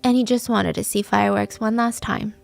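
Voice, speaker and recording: Gravelly-voiced woman telling a crime story. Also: medium pitch, fairly even intonation, a little fast, soft background music. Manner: conversational, with casual fillers. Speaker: true-crime podcast host. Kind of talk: casual true-crime storytelling.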